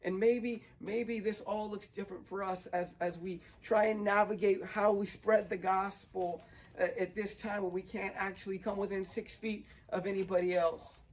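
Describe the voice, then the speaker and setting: Young guy preaching outside, kinda high voice, earnest, gets fired up at points. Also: fairly even intonation, moderate pace, poor audio. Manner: earnest, builds to fervent emphasis. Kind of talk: sermon. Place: outdoors. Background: dog barking, wind.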